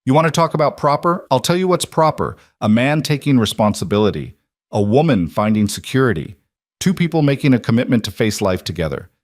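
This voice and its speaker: A man's voice: mid-range voice, sing-song, fairly quick, no echo, studio quality, voice pushed up, close to an everyday voice. A man voicing an old frontier widow who scolds the town bluntly. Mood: scolding. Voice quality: cane-tapping elder, scolding.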